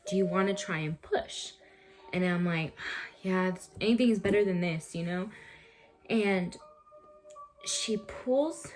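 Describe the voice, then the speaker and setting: A young woman in a home vlog, recounting a personal story in a chatty, emphatic way and repeating words for effect. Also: lowish voice. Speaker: vlogger.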